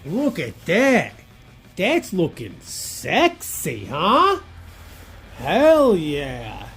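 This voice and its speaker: A man's voice: on the high side, huge pitch swings, extremely slow, vocal fry, a bit bright, soft background music. A man narrating a casual workshop vlog, thinking aloud as he works and cheering his own results with casual slang. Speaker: car builder.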